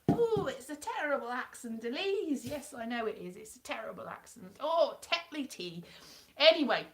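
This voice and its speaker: Lively chatty woman. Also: fairly high pitch, slight background noise. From South Wales. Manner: rambling, self-deprecating, chatty. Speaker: live-stream host. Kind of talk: casual live-stream chat.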